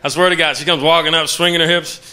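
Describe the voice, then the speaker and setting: High-voiced comedian on stage. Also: male voice, steady tone, quick pace, bright, forceful tone. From West Virginia. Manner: conversational, teasing the audience. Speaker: stand-up comedian. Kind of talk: stand-up comedy set. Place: theater stage. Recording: noisy live theater recording.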